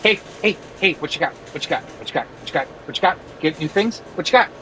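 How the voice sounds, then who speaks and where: A pushy demon character who pesters with quick, repeated questions, as a player puts him on. His pitch jumps around a lot, and there is a light hiss behind him. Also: expressive, bright, forceful tone, low-quality recording. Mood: pestering. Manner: rapid-fire repetitive questions. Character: nosy, pushy demon adventurer man.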